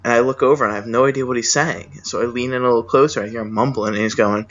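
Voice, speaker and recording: A man's voice: medium pitch, fairly even intonation, rapid-fire, few pauses, fairly bright tone. A young man casually telling a story among friends, swearing and acting out the people he quotes. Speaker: podcast storyteller. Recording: dull lo-fi home recording.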